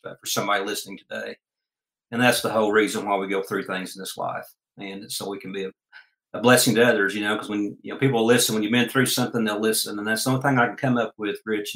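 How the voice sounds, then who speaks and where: A man's voice: fairly low pitch, sharp tone. Guy telling farm-style stories, folksy and earnest, echoey room. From Oklahoma, USA. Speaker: guest. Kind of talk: storytelling interview chat. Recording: roomy echo.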